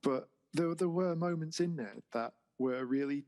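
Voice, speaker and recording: A man discussing a film casually, explaining his view in a measured way. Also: a little high, a little mellow. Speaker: film review podcast co-host.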